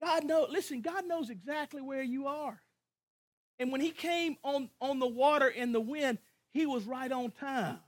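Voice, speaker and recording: Male pastor, very high voice, impassioned sermon delivery with rhythmic repetition. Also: a little slow, dry recording. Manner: impassioned preaching with swings from hushed to shouting.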